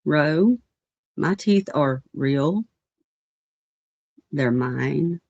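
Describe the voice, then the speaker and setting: A livestream host, a woman with a low, slightly mellow voice, rants very slowly yet animatedly. She's blunt, profane and rambling with many fillers; the audio has no echo and is dull, lo-fi stream quality.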